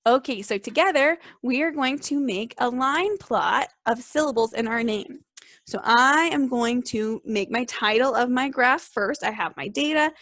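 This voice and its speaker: A young woman teaching second graders in a recorded lesson, clear, upbeat and encouraging. Her voice sits a little high. The sound is close and dry, with no room around it. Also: measured pace, a bit bright, dry recording. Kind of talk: remote class lesson.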